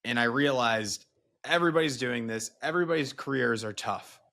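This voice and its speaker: A man's voice: medium pitch, a little fast, sharp tone. A man hosting a casual interview, reacting with interest and asking follow-up questions. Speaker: podcast host.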